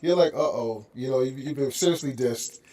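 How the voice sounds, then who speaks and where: A man's voice: mid-range voice, fairly quick, dark tone. A man hosting a radio show, chatting casually and animatedly with his guest, laughing and mimicking voices. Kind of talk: casual interview chat.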